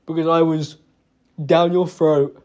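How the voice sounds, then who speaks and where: A young man apologising to his partner in a private talk, halting and remorseful, stumbling over fillers and swearing. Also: on the high side, little pitch movement, a little mellow, lo-fi sound.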